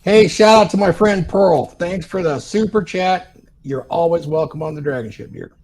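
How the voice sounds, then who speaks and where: Co-host: a man with a high, gravelly voice, friendly and joking, faint noise on his line. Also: normal speed, a little mellow. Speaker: stream co-host. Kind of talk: live stream chat.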